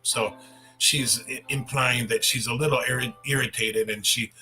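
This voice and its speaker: A man's voice: mid-range voice, fairly even intonation, normal speed, pushed and bright, soft background music, low-quality recording. A man in his fifties, a language teacher hosting a casual livestream Q&A, talking in a chatty, rambling way with restarts.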